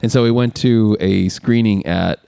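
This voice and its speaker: Animated man telling a story. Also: lowish voice, moderate pace, gravelly, clean tone, no echo, studio quality. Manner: animated storyteller, laughs often. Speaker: podcast co-host. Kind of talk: casual chat.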